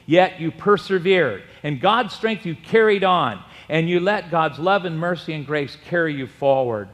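A middle-aged man preaching a sermon, telling a personal story and rising to loud exclamations. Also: on the high side, expressive, a little slow, few pauses. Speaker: pastor.

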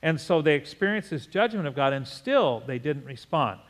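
Older preacher with ringing hall reverb. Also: male voice, fairly high pitch, expressive, normal speed. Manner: emphatic preaching, repeats words, asks congregation to repeat. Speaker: pastor. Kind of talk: sermon.

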